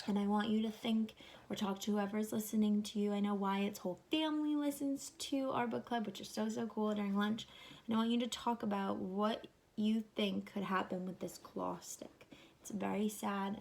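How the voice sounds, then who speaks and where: A woman's voice: mid-range voice, steady tone, normal speed, vocal fry, rough recording. A woman hosting a children's book club, reading aloud and explaining the story in a teacherly way. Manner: warm teacherly, explains to kids. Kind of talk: children's read-aloud with discussion.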